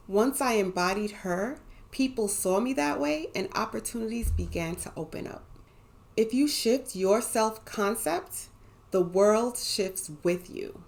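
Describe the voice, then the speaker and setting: Woman host with a gravelly edge, upbeat and affirming, self-help talk to camera. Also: fairly high pitch. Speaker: manifestation coach and channel host.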